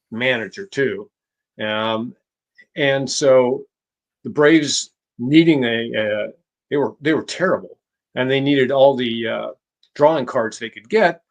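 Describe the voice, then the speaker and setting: A man at a middle pitch speaks as a guest author in a conversational interview. He tells his stories at a measured pace. He often halts and restarts his phrases. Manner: measured, halting with frequent restarts. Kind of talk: conversational storytelling.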